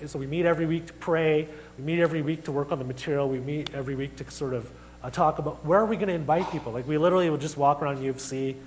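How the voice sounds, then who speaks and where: A man's voice: a little high, a little hiss or hum, rough recording. A young adult man giving a sermon as a guest preacher, telling personal stories in a casual, chatty way with self-deprecating humor and acted-out dialogue. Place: church sanctuary.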